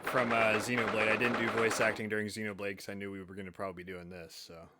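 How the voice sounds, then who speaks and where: A man's voice: on the low side, level tone, fast talker, very noisy. A man hosting a casual livestream, jokey and upbeat as he greets viewers. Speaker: livestream host. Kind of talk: casual stream chat.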